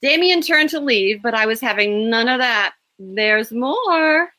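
A woman author reading a first-person scene from her own novel, expressive and lively. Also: fairly high pitch, moderate pace.

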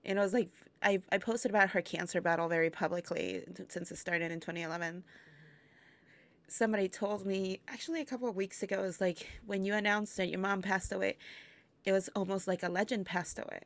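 A woman's voice: medium pitch, fairly even intonation, fairly quick. A woman who performs burlesque, talking reflectively in a casual interview, laughing often and using many fillers. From immigrant to the United States.

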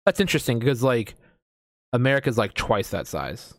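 A man's voice: mid-range voice, sing-song, moderate pace, dry recording, studio quality. An American man in casual chat as a host, rambling with lots of fillers and casual swearing. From United States.

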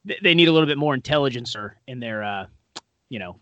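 A man's voice: medium pitch, animated, quick pace, fairly bright tone, no echo, dull audio. A man co-hosting a podcast in casual, rambling chat, full of fillers and self-deprecating asides. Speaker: podcast co-host.

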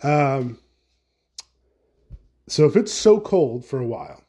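Man, solo podcast host, casual rambling rant, profane, sarcastic, warm relaxed tone. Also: medium pitch, takes it slowly, breathy edge.

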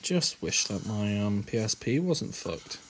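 A man's voice: fairly low pitch, unhurried, faint music behind. A man swearing and muttering through casual commentary as he plays a game. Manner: sweary, animated, mutters under his breath. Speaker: gamer.

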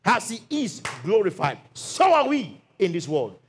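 A man's voice: high-pitched, measured pace, slightly rough. A male pastor preaching a sermon, telling Bible stories with acted-out quotes and calls for amen. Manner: animated storytelling, acts out Bible quotes.

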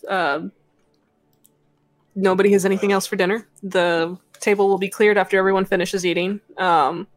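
A woman with a mid-range voice narrates as game master of a tabletop game. Her delivery is relaxed and halting, with many fillers, and there's no room sound.

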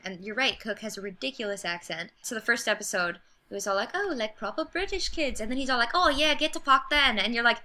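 A woman with a bright, sharp-toned voice chats casually about TV shows. She is chatty and acts out quoted lines as she talks. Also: mid-range voice. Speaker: podcast co-host. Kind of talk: casual chat about movies.

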